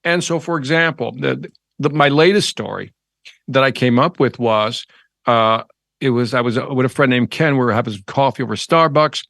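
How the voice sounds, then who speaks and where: Animated storytelling man, dry close sound. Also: mid-range voice, moderate pace, gravelly, no echo. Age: middle-aged. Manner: animated, acts out the dialogue in his anecdotes. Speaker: sales trainer and motivational speaker. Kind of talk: storytelling in an interview.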